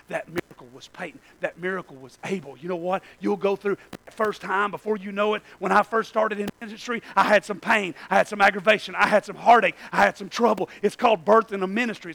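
Male pastor in a church, very high bright voice, storytelling sermon that drops to a hush and rises to shouts. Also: vocal fry, poor audio. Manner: storytelling, swings from hushed to shouting.

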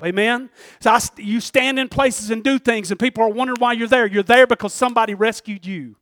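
A man preaching a sermon in a fervent, folksy way, moving between loud outbursts and hushed asides and chuckling often. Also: very high-pitched, a little fast, dry recording, studio quality.

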